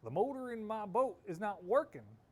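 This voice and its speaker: A man's voice: high-pitched, very animated, normal speed, darkish tone, pitched above the performer's own voice. A man voicing a kindly, easygoing old grandfather in a read-aloud storybook, mild and agreeable.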